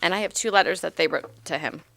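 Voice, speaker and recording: A woman in her thirties reading a eulogy for her grandfather aloud, heartfelt and gently humorous. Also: lowish voice, quick pace, vocal fry.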